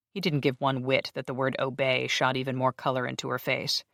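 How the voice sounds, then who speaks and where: An audiobook narrator reading a paranormal romance in an even, measured way. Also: medium pitch, vocal fry, no echo. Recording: dry close studio recording.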